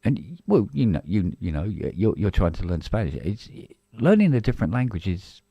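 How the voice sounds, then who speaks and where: Deep-voiced rambling man. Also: sing-song, moderate pace, gravelly, slightly rough, dry recording, dull audio. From England. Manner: rambling, full of restarts and coughs. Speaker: co-host of a live stream. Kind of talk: casual chat.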